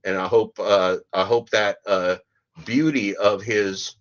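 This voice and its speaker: A man's voice: fairly low pitch, steady tone, takes it slowly, lo-fi sound. A man hosting a podcast, giving rambling, sardonic commentary and often repeating himself. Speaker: podcast host.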